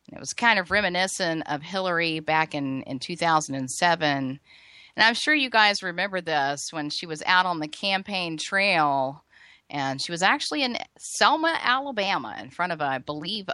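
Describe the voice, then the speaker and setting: A woman's voice: fairly low pitch, bright, forceful tone, no room sound. A woman hosting a talk radio show in a studio, chatty and indignant, with frequent restarts.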